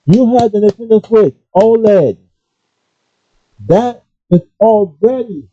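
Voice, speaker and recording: Male gaming ranter, dark voice, swings up and down a lot, dull dry recording. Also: high-pitched, takes it slowly, no echo. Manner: animated, apologetic asides, restarts. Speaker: gaming commentator. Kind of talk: ranting casual commentary.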